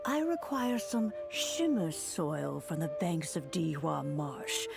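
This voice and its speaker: An actress playing a kindly, ancient grandmotherly woman in a game, speaking softly, formally and dotingly to a child. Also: low-pitched, very animated, vocal fry, full character voice. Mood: gently formal. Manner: soft, unhurried, formal and doting. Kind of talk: game character dialogue. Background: game music.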